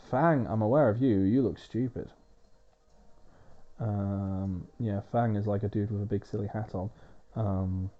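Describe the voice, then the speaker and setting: Man, game commentary, wry rambling chat, very dark tone, dull lo-fi sound. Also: fairly low pitch. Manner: rambling, wry and chatty, swearing now and then. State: soothing a baby while he talks. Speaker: gaming video host.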